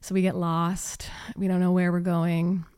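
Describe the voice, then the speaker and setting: A woman guest on a podcast, telling a story in a casual, rambling way with many "likes" and "ums" and soft laughs. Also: on the low side, monotone, measured pace, smooth. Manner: rambling, heavy use of "like" and "um". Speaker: podcast guest, yoga teacher.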